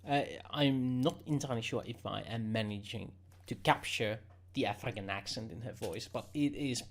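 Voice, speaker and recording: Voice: mid-range voice, moderate pace. A game master running a tabletop game, narrating hesitantly with restarts.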